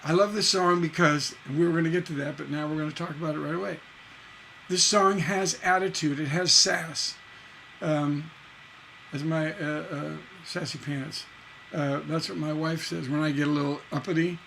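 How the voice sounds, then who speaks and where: Lively high-voiced man teaching songwriting. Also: moderate pace, gravelly, a little hiss or hum, rough recording. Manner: lively, emphatic teaching, sings and recites lyric lines. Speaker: songwriting instructor. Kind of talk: livestream songwriting lesson.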